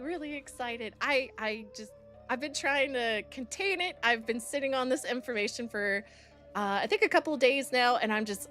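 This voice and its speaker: Bubbly high-voiced woman streamer. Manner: bubbly, excitable, swings high on greetings. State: nervous and excited. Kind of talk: casual live-stream chat, greeting chat.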